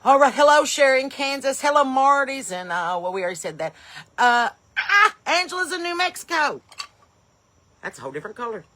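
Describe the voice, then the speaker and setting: Bright, chatty woman. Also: high voice, very animated, a little fast. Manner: chatty, calls out place names loudly and eagerly. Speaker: comedian and podcast host. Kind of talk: live-stream chat, greeting viewers.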